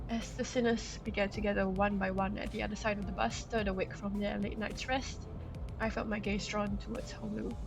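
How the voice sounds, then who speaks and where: A woman's voice: medium pitch, level tone, brisk, gravelly, low-quality recording. A woman streamer reading a game's story aloud and talking back to its characters. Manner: reads narration and scolds characters out loud. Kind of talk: game playthrough with read-aloud narration. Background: game music.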